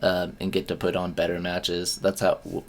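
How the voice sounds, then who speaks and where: A man co-hosting a wrestling podcast in casual chat, excitable and jokey, swearing now and then. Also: low voice, normal speed. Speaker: podcast co-host.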